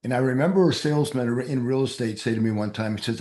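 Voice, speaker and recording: A man's voice: mid-range voice, quick pace, hardly any pauses, warm tone, echoey room. A man from New England with a Boston-area accent, hosting a men's group call in an upbeat, encouraging way. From New England, USA. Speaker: host of a men's mastermind group.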